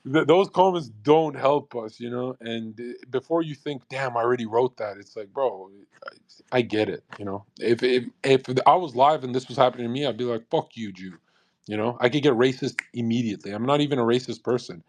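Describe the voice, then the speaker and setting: A man's voice: mid-range voice, darkish tone. A young man ranting on a live audio stream, profane and sarcastic, speeding up in bursts and laughing at his own jokes.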